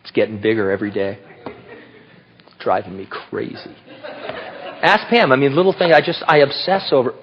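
A man's voice: medium pitch, moderate pace, long pauses, slight background noise. A middle-aged man preaching a sermon, telling stories animatedly and acting out quoted voices. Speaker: pastor. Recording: dull lo-fi recording.

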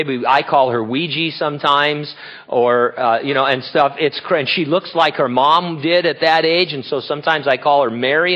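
A man's voice: on the high side, sharp tone, lo-fi sound. Older man preaching, rambling and joking. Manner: rambling, joking, breaks into laughter. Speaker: pastor. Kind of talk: sermon.

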